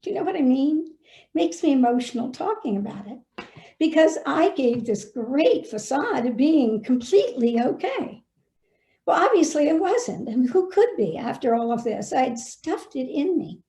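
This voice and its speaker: Woman, former head of school, heartfelt and gently urging, warm tone, echoey video-call audio. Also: high-pitched, very animated, moderate pace. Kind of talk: personal storytelling and advice to school leaders.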